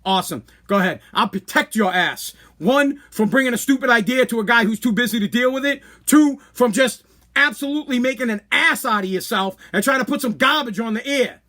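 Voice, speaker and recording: A man's voice: extremely high pitch, animated, fairly quick, pushed and bright. A man hosting a podcast, ranting bluntly and acting out imagined dialogue in a casual sports talk. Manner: blunt and profane. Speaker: podcast host.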